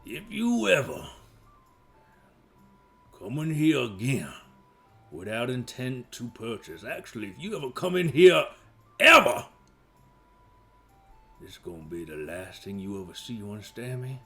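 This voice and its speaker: A swaggering, arrogant fluffy male cat who runs a shop, taunting and threatening in a gravelly voice that swoops widely up and down. Faint music plays underneath. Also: mid-range voice, sing-song, unhurried, long pauses, bright, forceful tone, voice pushed up, exaggerated voice. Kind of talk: tabletop role-play voicing.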